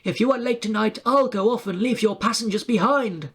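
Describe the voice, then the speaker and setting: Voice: medium pitch, a little fast, slightly rough, voice pushed up. A storybook narrator voicing a proud, condescending big male steam engine. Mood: lofty.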